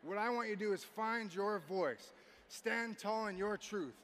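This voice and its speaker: Canadian guy pumping up a crowd in a big arena, kinda high voice, lots of echo. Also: measured pace. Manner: hype, coaxing the crowd, builds to shouts. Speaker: motivational speaker. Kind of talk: energetic keynote to a youth audience. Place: large arena stage. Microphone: stage microphone. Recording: long arena reverb, faint noise.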